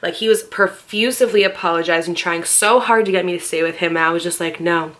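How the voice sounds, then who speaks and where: A young woman in her twenties telling a story to her viewers in a casual, animated way, full of fillers and quoted dialogue. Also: on the low side, quick pace. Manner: chatty, animated retelling with quoted voices and laughter; frequent fillers and direct address to viewers.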